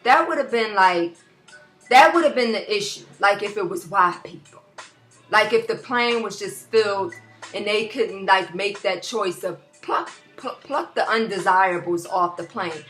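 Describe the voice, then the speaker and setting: A woman vlogging a casual opinion rant into a laptop, animated and rambling with many restarts. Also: medium pitch, a little slow, soft background music. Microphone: laptop built-in mic.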